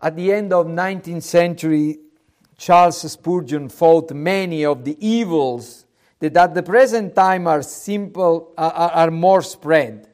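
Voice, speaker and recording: Male preacher, high voice, slow deliberate sermon delivery. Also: a little mellow. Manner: slow, emphatic preaching with rising and falling force, some hesitations.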